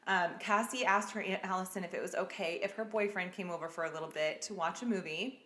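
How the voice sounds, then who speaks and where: A woman host recounts a true-crime story in casual chat, often breaking into giggles. Her voice is bright and clear. The room around her is echoey. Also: lowish voice, fast talker. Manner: giggly, keeps trying to get back on track. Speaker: podcast host.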